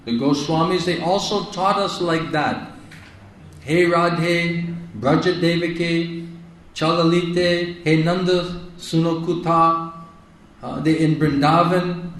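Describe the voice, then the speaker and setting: A man's voice: on the high side, slight background noise. A man giving a devotional lecture, emphatic and repetitive, often asking "isn't it?". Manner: emphatic, repeats phrases, asks "isn't it?". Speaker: spiritual teacher. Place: lecture hall in India. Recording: echoey hall, heard from a distance.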